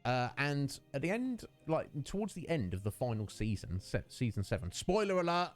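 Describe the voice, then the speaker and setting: A man's voice: medium pitch, very animated, normal speed, faint music behind. A man streaming a video game, chatting casually and rambling through a rant with lots of fillers. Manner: rambling, ranting, many fillers.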